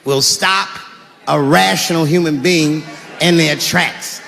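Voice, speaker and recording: A man doing a stand-up comedy set, animated and shouting his punchlines while acting out characters. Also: a little high, takes it slowly, vocal fry, big-room sound.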